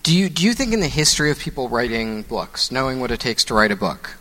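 A man's voice: mid-range voice, very animated, fast talker, fairly bright tone, rough recording. A man joining a discussion, speaking conversationally and hesitantly as he plays devil's advocate. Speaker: discussion partner.

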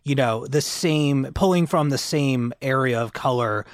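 This podcast co-host, a man with a mid-range voice, speaks a little slowly as he rambles through casual conversation, full of fillers and false starts. The recording is dry and of studio quality.

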